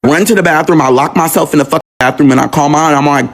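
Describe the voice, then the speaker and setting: Animated young man telling a painful story. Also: on the high side, fast, gravelly. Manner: animated, acts out quoted voices with profanity. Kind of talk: emotional personal storytelling.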